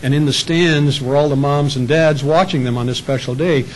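A man's voice: fairly high pitch, steady tone, moderate pace, a little hiss or hum, rough recording. A man preaching a sermon in a conversational way, sometimes acting out little voices for the people in his stories. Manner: conversational preaching with acted asides. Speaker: pastor.

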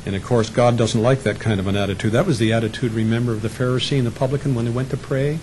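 A man's voice: medium pitch, steady tone, fast talker, a little mellow, slight background noise, poor audio. A man preaching a sermon in a conversational way, sometimes acting out little voices for the people in his stories. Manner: conversational preaching with acted asides. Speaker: pastor.

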